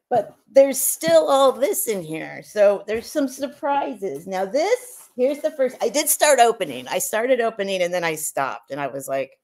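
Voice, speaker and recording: Woman vlogger, slow and teary, gushing and rambling over gifts. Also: mid-range voice. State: teary after crying. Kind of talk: casual livestream chat.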